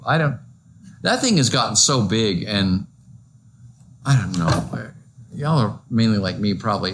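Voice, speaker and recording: A man's voice: medium pitch, fairly bright tone, a little hiss or hum. A male pastor giving a conversational, joking sermon full of rhetorical questions to his listeners.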